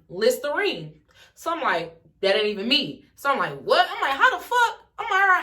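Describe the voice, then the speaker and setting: Young woman from detroit doing a storytime, high-ish voice, bright and punchy, cussing and acting out every line. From Detroit, USA. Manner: animated, swears freely, acts out the dialogue. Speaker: vlogger. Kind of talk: casual storytime vlog.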